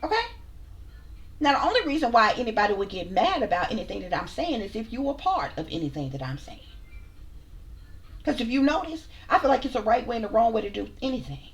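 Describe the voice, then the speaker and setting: A woman's voice: on the high side, big pitch swings, brisk, faint music behind. Blunt, profane woman ranting to viewers. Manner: blunt, profane, sassy, repeats herself. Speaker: channel host, spiritual reader. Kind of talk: heated casual rant to camera.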